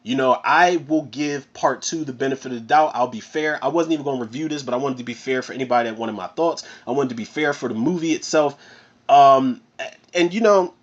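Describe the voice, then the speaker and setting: A man's voice: mid-range voice, fairly quick, lo-fi sound. A man reviewing a horror film in a casual, rambling rant, swearing freely as he goes. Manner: profane, rambling, animated. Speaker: movie reviewer.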